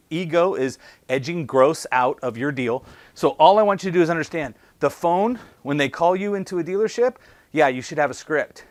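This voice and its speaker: Man, sales trainer, slightly high voice, dry close sound, animated, punchy questions. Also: no room sound. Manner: animated, acts out callers and salespeople. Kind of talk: motivational training talk.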